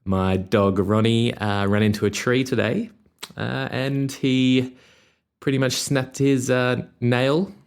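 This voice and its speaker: A man's voice: mid-range voice, little pitch movement, slow, vocal fry, clear, resonant tone. A young Australian man with an Australian accent, talking casually and rambling through a solo podcast with many fillers. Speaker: podcast host and musician.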